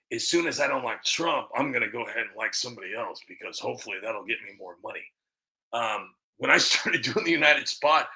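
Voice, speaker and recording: Gravelly, bright-voiced man ranting. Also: a little high. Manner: rambling, emphatic, repeats himself. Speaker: show host. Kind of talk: casual monologue.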